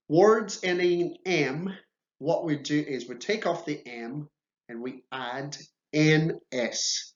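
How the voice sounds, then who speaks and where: A man teaching a video lesson, patient and reassuring, checking in with "okay" often. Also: fairly high pitch. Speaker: Portuguese teacher. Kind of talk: slow, deliberate video lesson. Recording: roomy, slightly dull sound.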